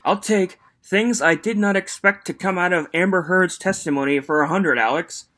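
A commentary host reacting to a video clip, sarcastic, mocking and incredulous, quick to laugh. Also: medium pitch, a bit bright.

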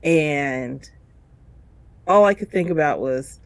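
There's no room sound around this woman's lowish, unhurried voice. As co-host of a casual reality show review podcast, she tells a painful story emotionally, performing the characters with big vocal jumps and laughing through tears.

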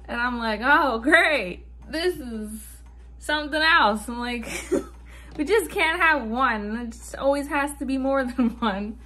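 Young woman, high bright voice, casual vlog storytelling, swears, laughs nervously. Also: slow pace. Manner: chatty, swearing, nervous laughter between lines. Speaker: vlogger.

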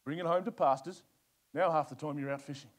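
A middle-aged Australian man preaching a sermon as a pastor, swinging between loud, urgent bursts and soft, low asides. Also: fairly even intonation, brisk.

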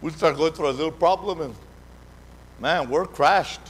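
A man's voice: fairly high pitch, normal speed, fairly bright tone. A man preaching a live church sermon, fervent and repetitive, calling out to the congregation in a call-and-response way. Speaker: pastor. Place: church sanctuary. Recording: reverberant hall, faint background noise.

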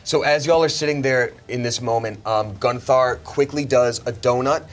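A man running a tabletop game as game master, telling the scene with lively storytelling that drops to a hush in tense moments. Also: mid-range voice, moderate pace. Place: studio.

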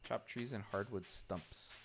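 A male streamer chatting casually with his viewers while playing, excitable and swearing freely as he reacts to the game. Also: lowish voice, measured pace, gravelly, noisy background. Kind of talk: casual live gameplay chat.

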